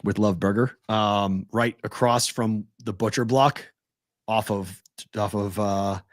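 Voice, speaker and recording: A man's voice: lowish voice, steady tone, slow pace, dry recording. Rambling male podcast host, dry sound. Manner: rambling, stammers and repeats words. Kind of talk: casual chat.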